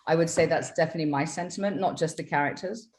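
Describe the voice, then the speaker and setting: A British woman speaking on a video call as a film director. Her voice is lowish for a woman, and she talks thoughtfully, stopping often to search for words. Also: quick pace, a little mellow, slight background noise. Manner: thoughtful, many fillers.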